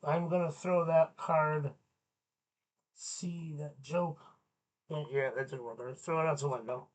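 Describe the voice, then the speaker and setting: Slow-talking, goofy man as a kids' show teacher who jokes with puppets. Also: a little high, fairly even intonation. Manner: goofy, playful banter with puppets. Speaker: children's show host and teacher.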